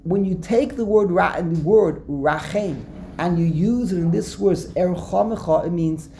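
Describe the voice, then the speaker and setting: A woman's voice: on the low side, normal speed, dark tone, slight background noise. A woman teaching a Torah text class, explaining word by word, repeating herself and acting out the verses she quotes.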